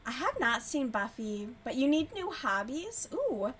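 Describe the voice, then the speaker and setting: A woman with a somewhat high voice chats casually on a livestream as she crochets. She talks loosely, swears freely and replies to her viewers' messages as they come in. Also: very animated, a little slow, a bit bright, slight background noise. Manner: chatty, swears freely, answers chat aloud. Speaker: livestream host. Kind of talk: casual chat while crocheting.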